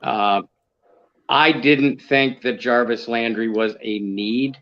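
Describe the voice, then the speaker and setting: A man co-hosting a casual sports talk show, speaking in a measured, analytical way with many fillers. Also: medium pitch, steady tone, highs cut off. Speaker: co-host.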